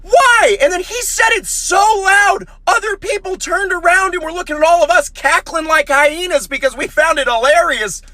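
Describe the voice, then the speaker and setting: Brief: young American man, comic storyteller, bright, lively high voice, dry close sound. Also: normal speed, few pauses, no echo. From United States. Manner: animated, exaggerated voices for family members, outraged bursts. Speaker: comedy storyteller.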